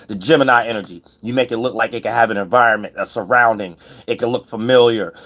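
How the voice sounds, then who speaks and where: A man giving a rambling, profane livestream tarot reading, with sudden shouts and wild swings. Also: medium pitch. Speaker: tarot reader.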